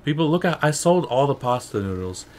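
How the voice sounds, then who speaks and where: A man's voice: medium pitch, big pitch swings, a little fast. Young guy rambling through a game stream, sarcastic, says bro a lot, faint hiss behind. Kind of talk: casual gameplay commentary.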